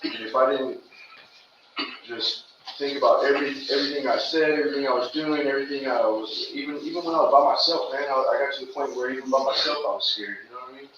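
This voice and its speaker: A man's voice: medium pitch, quick pace. Distant, echoey man giving earnest testimony. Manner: earnest, rambling, slangy with "bro" and "man". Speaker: recovery meeting speaker. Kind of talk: personal testimony. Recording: distant, echoey, muffled room recording with noise.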